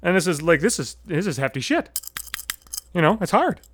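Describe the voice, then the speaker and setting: A man's voice: sits high, big pitch swings, normal speed, fairly bright tone, a little hiss or hum. A man in his thirties hosting a solo podcast, telling a story in a brash, profane, sardonic rant. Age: 30s. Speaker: podcast host.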